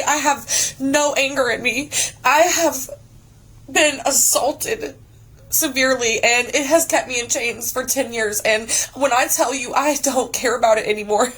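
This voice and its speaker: A woman sharing an emotional personal testimony, earnest and halting, often close to tears. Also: high-pitched, a bit bright. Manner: earnest, halting, many restarts and fillers. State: tearful, on the verge of crying. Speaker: testimony giver.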